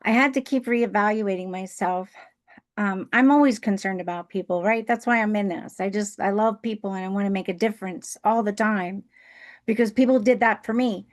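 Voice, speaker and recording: A woman on a team video call, speaking earnestly and thoughtfully. She thinks aloud, leaning on ums and "right?" as she shares a personal lesson. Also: mid-range voice. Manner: earnest, thoughtful, uses many fillers and "right?". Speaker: team member on a training call. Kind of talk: sharing a personal reflection on a group call.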